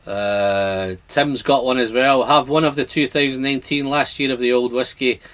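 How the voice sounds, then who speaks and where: A man's voice: mid-range voice, fairly even intonation, moderate pace, a bit bright. A man hosting a casual whisky livestream, chatting and reading out viewer comments. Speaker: whisky channel host.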